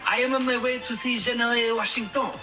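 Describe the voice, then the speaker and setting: A man's voice: extremely high pitch, fairly even intonation, fast. An actor with a put-on French accent playing a charming, showy young French nobleman in a scripted historical drama. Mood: gallant. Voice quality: debonair, showy, twinkling. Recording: dramatic music underneath. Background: music.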